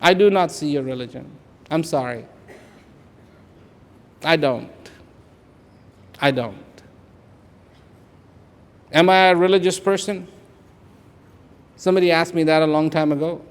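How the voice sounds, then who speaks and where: A man in his fifties from India, speaking, gives an inspirational speech to an audience. He repeats phrases for emphasis and swings between hushed and loud. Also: on the high side, unhurried, long pauses. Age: 50s. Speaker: public speaker. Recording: echoey large hall.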